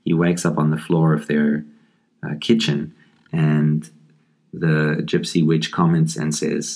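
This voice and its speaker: A man hosting a podcast, talking casually about a horror comic in a thoughtful, halting way with frequent ums and restarts. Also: very deep voice, completely flat delivery, vocal fry, a little mellow. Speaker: podcast host.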